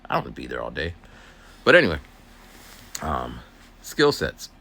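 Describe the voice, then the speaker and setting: A man's voice: rumbling low, huge pitch swings, normal speed, vocal fry, pushed and bright. A man who works as a teacher's aide, rambling through a casual story outdoors while walking and acting out voices. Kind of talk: casual walking vlog monologue.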